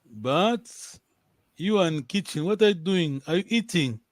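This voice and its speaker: A man's voice: fairly high pitch, animated, unhurried, no room sound. A man teaching a language lesson over a video call, patiently repeating and checking that his students follow.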